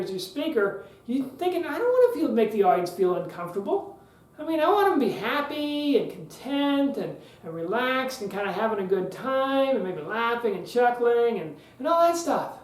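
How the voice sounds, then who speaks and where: A man hosting a public speaking podcast, talking emphatically, repeating key phrases and leaving long pauses. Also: high-pitched. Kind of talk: instructional podcast talk. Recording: roomy echo.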